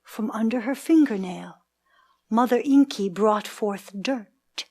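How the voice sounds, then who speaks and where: A woman's voice: a little high, slow pace, darkish tone. A woman telling a myth in a ritual storytelling performance, in a dramatic, incantatory way.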